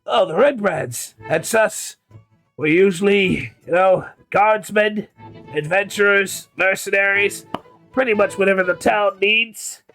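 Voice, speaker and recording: A man's voice: high-pitched, unhurried, a bit bright, faint music behind. A man doing a chummy gang recruiter. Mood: friendly. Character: friendly recruiting male thug, chatty and pushy.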